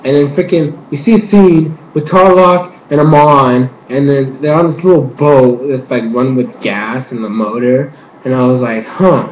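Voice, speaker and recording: A young man giving an excited, casual recap of a show episode, full of fillers and sudden high squeals as he quotes the characters. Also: moderate pace, echoey room, muffled recording, slight background noise. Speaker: episode reviewer.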